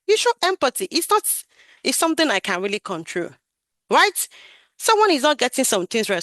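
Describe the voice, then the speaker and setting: A woman gives an animated, emphatic talk over a video call about growing her career as a QA tester, raising and lowering her voice for emphasis. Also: a little fast, no echo. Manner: animated, emphatic, varies her loudness and projection. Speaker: QA tester sharing career story. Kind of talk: talk on a webinar.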